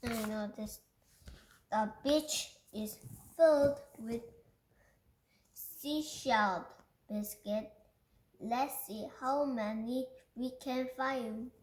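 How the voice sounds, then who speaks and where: A woman's voice: a little high, drawn-out words, pauses often, roomy sound. A woman whose first language is Korean reads a picture book aloud carefully, stumbling and restarting on words. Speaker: reader.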